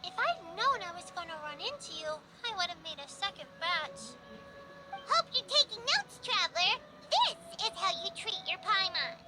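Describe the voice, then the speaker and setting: A woman voicing a gentle, caring young girl who speaks in an advising, motherly way in a video game. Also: very high voice, big pitch swings, normal speed, loud music behind the voice, poor audio.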